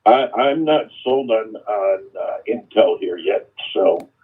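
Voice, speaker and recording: Low husky guy chiming in on a phone line, tinny sound, kinda hesitant. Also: lively intonation, slow. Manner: hesitant, restarts his sentences. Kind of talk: casual market chat.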